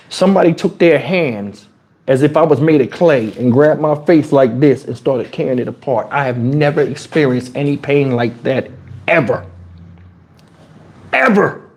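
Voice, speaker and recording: A man telling a story on a livestream in an animated, profane way, his pitch swinging dramatically, on a lapel mic. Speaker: storytime streamer. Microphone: wireless lapel mic.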